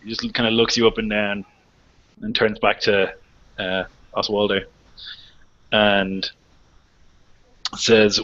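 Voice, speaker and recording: A man runs a tabletop game in a loose, rambling way. His voice is low and bright, and the recording sounds dull and lo-fi. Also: level tone, slow pace, long pauses. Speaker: game master. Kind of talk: casual tabletop narration.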